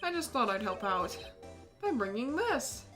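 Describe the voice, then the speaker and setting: A woman voicing a jovial middle-aged male police chief who talks in a slow, booming, folksy way. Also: big pitch swings, over music. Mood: genial.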